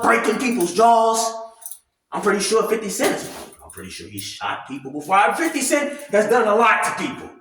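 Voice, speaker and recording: A man giving a loud, profane, heated rant as commentary while he works out, talking from a distance with no clip-on mic. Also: high voice, very animated, normal speed. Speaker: commentary vlogger. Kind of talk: ranting commentary while working out. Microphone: no clip-on mic, distant from the recorder. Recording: echoey room, far from the mic.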